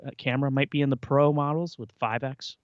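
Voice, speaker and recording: A man's voice: medium pitch, steady tone, brisk, no room sound, highs cut off. A man co-hosting a podcast, chatting casually and reading out rumors with lots of fillers. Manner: easygoing, reads out rumor roundups with many fillers. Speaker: podcast co-host. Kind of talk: casual chat.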